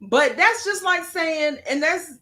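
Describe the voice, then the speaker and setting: A woman co-hosting a casual chat show, telling a story in an animated, playful way. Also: very high-pitched, takes it slowly. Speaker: podcast co-host.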